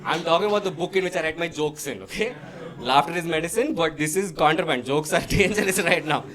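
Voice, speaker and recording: A man's voice: fairly high pitch, fast talker, fairly bright tone. A young man with an Indian English accent doing a stand-up comedy set, telling a story in a loose, chatty way and acting out the dialogue. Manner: conversational storytelling with acted dialogue.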